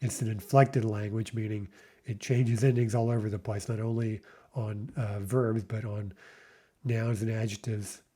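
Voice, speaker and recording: A man teaching a vocabulary lesson, saying each word slowly and repeating it, with patient explanations. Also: lowish voice, little pitch movement, dark tone, breathy edge. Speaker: language teacher.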